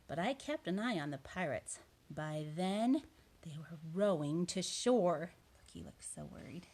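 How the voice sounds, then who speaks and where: A woman reading a picture book aloud for preschoolers at home, expressive, with asides to her listeners. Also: fairly low pitch, a little slow. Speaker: children's story reader. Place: home room.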